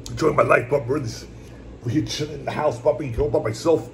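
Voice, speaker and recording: A man in a casual home eating vlog, rambling along in a relaxed, repetitive way as he talks to his viewers. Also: medium pitch, brisk, creaky, a little hiss or hum. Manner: laid-back, rambling, repeats "my brothers" and "puppy". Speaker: mukbang vlogger. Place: at home, indoors.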